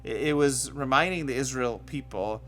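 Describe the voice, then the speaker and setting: A man preaching a sermon in a conversational way, sometimes acting out quoted voices with sudden loud bursts. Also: medium pitch, normal speed. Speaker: pastor. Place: church stage.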